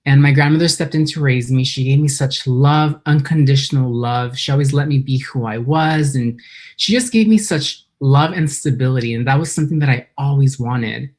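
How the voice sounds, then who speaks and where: This is a rumbling low female voice with a darkish tone and a normal pace. The speaker, a San Diego, California native, is on a video call using her computer, delivering a heartfelt, emotional recovery talk at a meeting while a little nervous.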